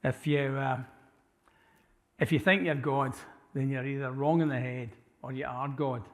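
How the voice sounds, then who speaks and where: A man's voice: medium pitch, steady tone, a little slow. A man giving an apologetics talk to a church audience, conversational, putting questions to the listeners and restarting his sentences often. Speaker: church speaker. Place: church hall. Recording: live church hall with long reverb.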